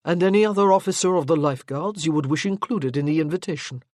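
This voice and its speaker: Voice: medium pitch, fast, darkish tone, dry recording, clean studio sound, close to an everyday voice. A narrator voicing a suave French-accented earl. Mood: courteous. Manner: smooth and formally polite. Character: worldly nobleman earl, suave and courteous. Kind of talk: audiobook character voice.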